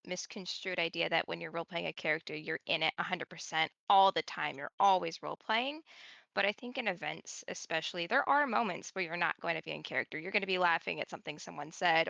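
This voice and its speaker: A woman's voice: on the low side, creaky, bright, forceful tone, no echo, muffled recording. A woman guest on a casual Q&A stream, explaining her thoughts at length. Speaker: panel guest. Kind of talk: casual livestream Q&A.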